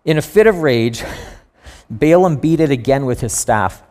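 A man preaching to a congregation, retelling a scripture story in an animated way. He breaks into humorous asides and voiced reactions, and his pitch sits right in the ordinary middle for a man. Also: a little slow. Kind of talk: sermon.

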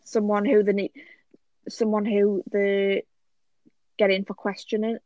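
A woman's voice: mid-range voice, measured pace, no room sound, lo-fi sound. Woman chatting on a dry mic. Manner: chatty, animated retelling with restarts. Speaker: podcast co-host. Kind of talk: casual chat.

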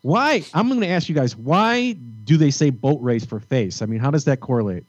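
A man's voice: mid-range voice, expressive, normal speed, dry recording. A man hosting a podcast, talking in a playful, joking way and teasing his guests. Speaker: podcast host. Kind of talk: casual podcast chat. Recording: dry, dull lo-fi audio.

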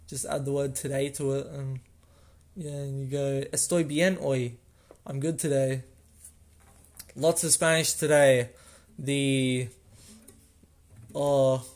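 A man's voice: on the high side, a little mellow. A young Australian man hosting a casual solo podcast, rambling, losing his train of thought and correcting himself with small laughs. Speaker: podcast host.

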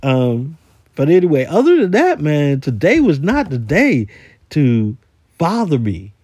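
Rambling man with a mellow voice. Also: fairly high pitch, unhurried, husky, no echo. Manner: rambling, repeats words, animated complaining. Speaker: retail store worker. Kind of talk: casual voice-message storytelling.

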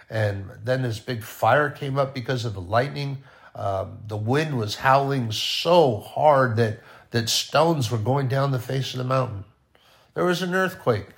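A man preaching in a loose, conversational way, his mid-pitched voice rough with gravel. He often sinks almost to a hush to make a point. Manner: conversational, with sudden soft drops to near-quiet. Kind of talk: informal sermon.

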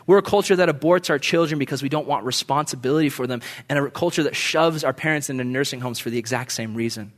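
A young man preaching a sermon, telling stories from his own life and acting out his frustrated outbursts in a high, strained voice. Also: fast, few pauses.

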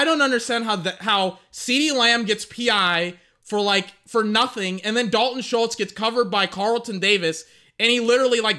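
Excitable high-voiced man ranting over a game. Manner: excitable, exasperated, profane rant with filler "like". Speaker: fan commentator. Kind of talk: live watch-along game commentary.

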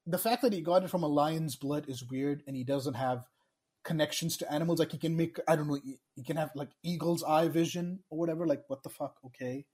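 A man's voice: fairly high pitch, fairly quick, darkish tone. A man co-hosting a casual podcast chat, ranting with exasperation and swearing often. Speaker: podcast co-host.

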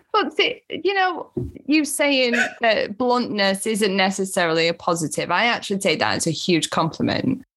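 A woman in her thirties talks candidly in a casual chat, her voice sitting at an ordinary middle pitch. She tells personal stories plainly and laughs easily. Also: animated, unhurried, fairly bright tone.

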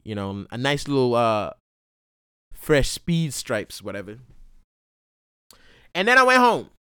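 A man's voice: mid-range voice, huge pitch swings, slow pace, sharp tone, clear, resonant tone, no echo, studio quality. A young man hosting a podcast, telling stories casually in slangy, profane talk. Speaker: podcast host and college student. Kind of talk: casual storytelling monologue.

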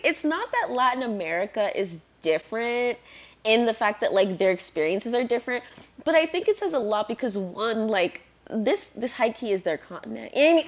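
A woman vlogger ranting casually, rambling and animated, full of "like". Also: fairly high pitch. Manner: rambling, animated, heavy use of "like". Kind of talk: casual rant to camera. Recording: dull lo-fi recording.

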